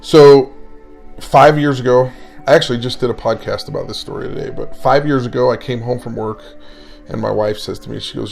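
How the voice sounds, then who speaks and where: Man in his forties, gravelly voice, animated storyteller, faint music behind. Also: medium pitch, a little fast. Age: 40s. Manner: animated storyteller, acting out dialogue. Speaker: guest, mental performance coach. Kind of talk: casual interview storytelling.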